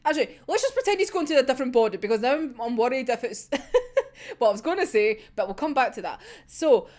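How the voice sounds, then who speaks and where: A young woman ranting about a manga chapter in a casual fan reaction, excitable, swearing freely and laughing often. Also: high voice, a little fast.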